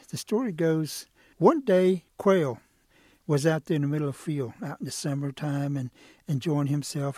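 A man telling a folk tale as a storyteller, relaxed and lively with fillers. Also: fairly high pitch, no echo, studio quality.

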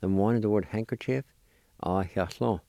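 A man teaching vocabulary, spelling and sounding out each word slowly and patiently, repeating it for learners. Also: lowish voice, gravelly, warm tone, no room sound. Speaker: language teacher. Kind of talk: slow spelling and pronunciation drill.

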